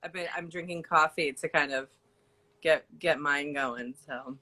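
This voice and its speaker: A woman co-hosting a relaxed morning chat over a video call, chatty and trailing off. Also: low voice, measured pace. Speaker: co-host of a live chat.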